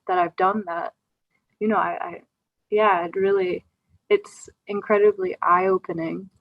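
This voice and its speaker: A woman's voice: lowish voice, no echo. A woman in a group video call sharing a personal reflection, hesitant, often stopping and restarting. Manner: hesitant, with many fillers and restarts. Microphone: computer mic on a video call. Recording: slightly dull video-call audio.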